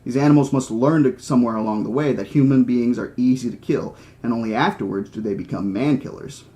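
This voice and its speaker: A man's voice: mid-range voice, a little fast, mellow, natural voice. A man reading as a probing sceptical thinker. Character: male mathematician, probing and sceptical.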